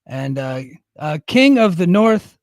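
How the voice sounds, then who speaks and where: Male co-host, easygoing chat, slightly high voice, dry close sound. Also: big pitch swings, slow, no echo. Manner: easygoing, reads out chat names. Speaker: podcast co-host; Air Force service member in leadership. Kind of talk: casual chat.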